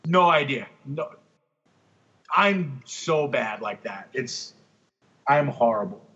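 A man on a casual podcast, telling animated, profane stories about his work as a comic artist. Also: mid-range voice, slow pace, breathy edge, lo-fi sound.

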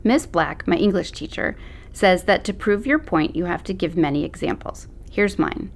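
A woman's voice: on the low side, lively intonation, moderate pace, gravelly. A woman narrating an audiobook in the first person, with a sassy, slangy teen attitude.

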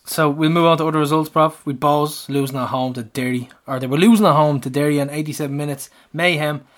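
A man's voice: a little high, fairly even intonation, fast talker. An Irish man co-hosting a football podcast in casual chat, blunt and fiery, swearing freely. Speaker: podcast co-host.

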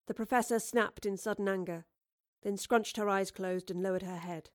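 A woman narrates a novel in a steady, measured audiobook reading. Her pitch sits in the middle range. The sound is dry and close, with no room around it. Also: dry recording. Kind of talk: scripted narration.

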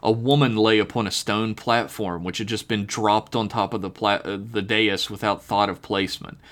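A man reading his own written story aloud on a podcast, relaxed, slowing down on the eerie details. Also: on the low side.

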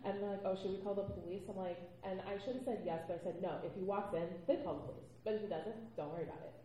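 A woman on a convention panel, telling blunt, animated stories and acting out what people said. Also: mid-range voice, fast, heavy reverb, slight background noise, rough recording. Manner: blunt, animated storytelling with acted-out quotes.

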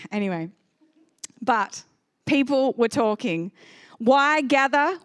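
High-voiced woman preaching. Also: slow pace, dry recording, studio quality. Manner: animated storyteller, acts out characters. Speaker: pastor. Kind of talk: sermon.

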